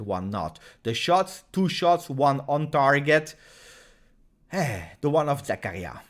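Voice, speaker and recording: An excitable man with an Italian accent reacting live to a football match. His voice sits at an ordinary middle pitch, and he talks straight to his viewers before bursting into loud cheers.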